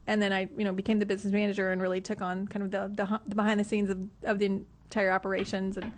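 A woman's voice: medium pitch, level tone, very fast, few pauses. A woman who is a guest in a radio studio, telling her story in a chatty, rambling way with lots of "you know"s. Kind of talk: casual storytelling interview.

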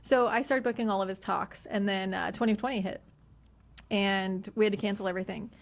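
Woman, radio studio guest, mid-pitched voice, chatty rambling storytelling. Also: steady tone, brisk. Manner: chatty, rambling, many "you know"s and restarts. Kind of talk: casual storytelling interview.

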